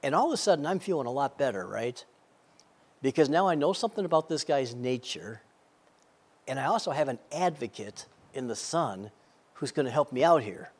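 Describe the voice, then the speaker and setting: A man's voice: mid-range voice, expressive, moderate pace, husky. A man preaching a sermon, telling an illustration with frequent stammered repeats. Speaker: pastor.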